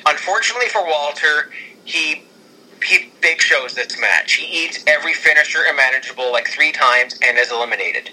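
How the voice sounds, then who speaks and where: Guy rambling excitedly, super bright voice, kinda high. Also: moderate pace, husky, poor audio. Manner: excitable and rambling, with many restarts. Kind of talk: casual fantasy-booking chat.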